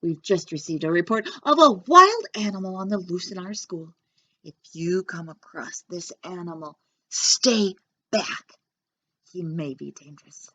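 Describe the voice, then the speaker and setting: A woman's voice: fairly low pitch, animated, unhurried, bright, forceful tone, exaggerated voice. A woman playing a prim, cautious math teacher. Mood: cautioning. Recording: dull lo-fi sound.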